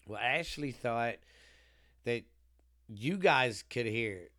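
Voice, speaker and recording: A man's voice: mid-range voice, animated, takes it slowly, sharp tone. Man, podcast co-host, casual chat, joking, swearing. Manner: rambling, profane, joking.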